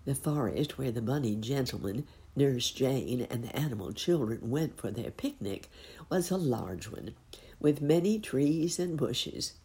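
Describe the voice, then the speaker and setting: A woman reading a children's storybook aloud in a gentle, expressive way. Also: very deep voice, measured pace.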